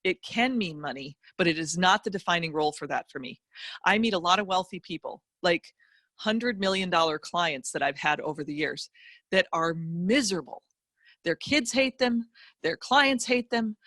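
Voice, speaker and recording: A middle-aged woman, a financial educator appearing as a guest speaker, tells a personal motivational story with emphatic, animated delivery and vivid asides. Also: on the low side, normal speed, no echo, studio quality.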